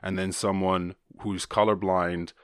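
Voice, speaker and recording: Rambling low-voiced man on a solo podcast. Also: little pitch movement, a little slow, clean tone, no echo, clean studio sound. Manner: rambling, swears casually, many restarts. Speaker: podcast host.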